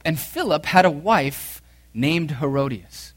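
A pastor with a fairly high, animated voice speaks a little slowly through an earnest sermon. He reads scripture, repeats central phrases, and alternates between forceful loudness and quiet intensity.

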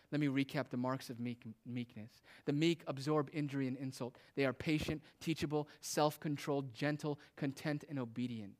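A man's voice: mid-range voice, brisk, few pauses. A man preaching a sermon with emphatic, rising and falling delivery. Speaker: pastor.

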